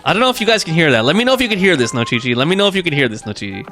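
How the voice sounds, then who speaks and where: A man's voice: fairly high pitch, sing-song, racing, bright, forceful tone, faint music behind. A man streaming a video game live, chatting casually with viewers, laughing often and reading game text aloud. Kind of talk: casual live-stream chat while gaming.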